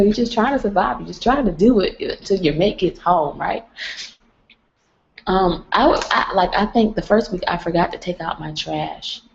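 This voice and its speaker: A woman's voice: lowish voice, darkish tone. A young woman chatting on a livestream, rambling and folksy. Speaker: vlogger. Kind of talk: casual livestream chat. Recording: lo-fi livestream audio.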